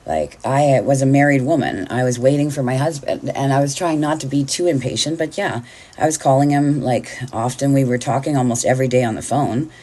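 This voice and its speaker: A woman's voice: rumbling low, a little mellow. A middle-aged woman telling a personal story in a candid, blunt way, swearing freely.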